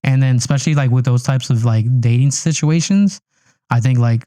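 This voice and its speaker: A man's voice: mid-range voice, fairly quick, warm tone, dry recording, studio quality. A man co-hosting a podcast, telling a rambling story full of "like" and "yo". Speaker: podcast co-host. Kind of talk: casual chat.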